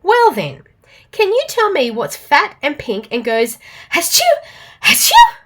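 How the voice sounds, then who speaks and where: A woman with an Australian accent voicing a muddled little storybook man, in a bright, sing-song way. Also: high-pitched, big pitch swings, measured pace, exaggerated voice. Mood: cheeky.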